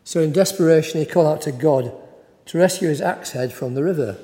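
A man's voice: on the high side, fairly quick, warm tone. A male preacher giving a sermon in a conversational, wry storytelling manner, heard in a church. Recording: echoey church hall.

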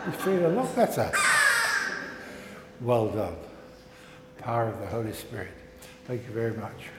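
Guy minister doing a kids' talk, lively up and down voice, big echoey church with long reverb. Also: lowish voice, moderate pace, heavy background noise. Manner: playful, coaxing, asks questions of the congregation. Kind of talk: children's talk with puppets in church.

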